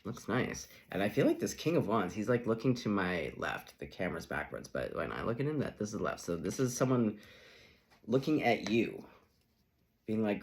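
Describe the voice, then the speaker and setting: A man's voice: lowish voice, big pitch swings, moderate pace. A man giving a casual tarot reading in a playful, chatty way, acting out little reactions as he goes. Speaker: tarot reader.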